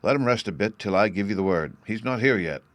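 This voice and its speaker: A man voicing a fussy, pompous male court Chancellor with a thin squeaky voice, a flustered speechmaker in an audiobook reading. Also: expressive, quick pace, no echo, close to an everyday voice. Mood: hushed.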